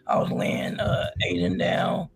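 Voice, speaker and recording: A man co-hosting a podcast in casual chat, speaking in halting, trailing phrases. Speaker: podcast co-host.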